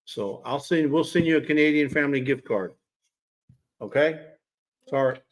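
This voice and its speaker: A man's voice: on the high side, normal speed. A man hosting a casual livestream, chatting and teasing his viewers by name. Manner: chatty, teasing, talks straight to chat viewers. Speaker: livestream host.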